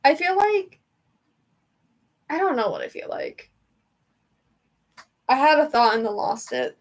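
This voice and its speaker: Chatting from home on a casual livestream, a young woman talks with her viewers and the live chat in an emotional, rambling way. Her voice is high and sing-song, and she keeps a measured pace.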